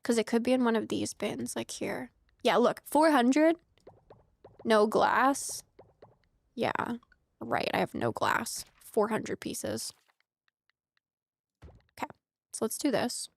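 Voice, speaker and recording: Chatty young woman streamer, high voice. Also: sing-song, takes it slowly, gravelly, long pauses, no echo. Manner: chatty, rambling asides, laughs often. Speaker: streamer playing a farming game. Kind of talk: casual let's-play chat.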